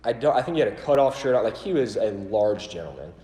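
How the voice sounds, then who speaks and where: A man's voice: on the low side, sing-song, quick pace, mellow. A man who works in a church ministry tells stories in a conversational, self-deprecating way, with many fillers like "like" and "um". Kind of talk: storytelling church talk. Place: church auditorium. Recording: echoey hall with long reverb.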